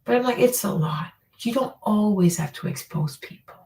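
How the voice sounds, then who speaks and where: A woman's voice: medium pitch, lively intonation, moderate pace, darkish tone, slight background noise. A woman hosting a podcast, giving a blunt, exasperated opinionated monologue and dropping into whispers for emphasis. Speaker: podcast host. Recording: roomy echo from a distant mic.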